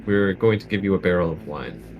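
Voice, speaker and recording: A man with a very deep voice, playing a character in an online tabletop game. He talks hesitantly, stopping and restarting, while faint music plays underneath. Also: brisk, darkish tone, low-quality recording. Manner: hesitant, full of ums and restarts. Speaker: player. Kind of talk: casual tabletop role-play.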